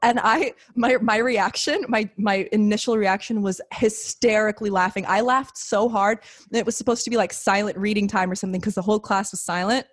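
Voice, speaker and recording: A woman's voice: medium pitch, fairly even intonation, fairly quick, hardly any pauses. Giggly young woman telling a story. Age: 20s. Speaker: podcast co-host. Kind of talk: casual podcast chat.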